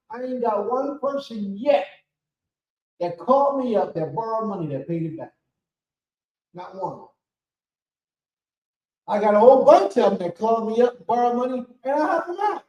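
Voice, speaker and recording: A man giving a sermon as spiritual leader of a congregation, preacherly and rising to shouts. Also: very high-pitched. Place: temple hall. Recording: echoey room from far off.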